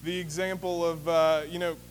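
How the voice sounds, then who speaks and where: A man's voice: on the high side, flat delivery, moderate pace. A man preaching a sermon as pastor, in a conversational storytelling manner with many fillers. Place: church sanctuary. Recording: reverberant hall with faint hum.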